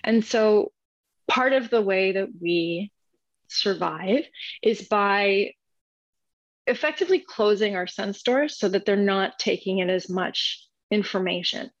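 Calm woman guest on slightly muffled audio. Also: medium pitch, slow. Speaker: guest, sex educator. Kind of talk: interview answers.

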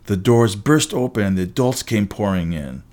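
A man reading an audiobook aloud with steady, brisk storytelling. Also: lowish voice. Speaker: audiobook narrator. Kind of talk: scripted audiobook narration.

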